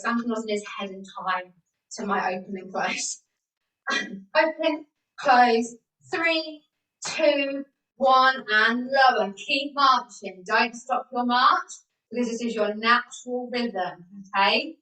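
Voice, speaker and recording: A woman's voice: a little high, slow, bright, forceful tone, recorded from a distance. A woman fitness instructor leading an exercise class over a video call, encouraging and counting out the moves. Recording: echoey room, away from the mic.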